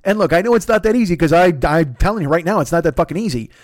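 Fast-talking profane podcast man. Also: high-pitched, animated, no room sound, clean studio sound. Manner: profane, sarcastic, ranting. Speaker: podcast host. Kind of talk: solo comedic rant.

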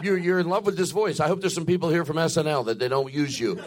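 A man's voice: on the high side, fast talker, a loud crowd, very noisy. A man hosting a live comedy podcast on a club stage, teasing his guests and slipping into silly voices.

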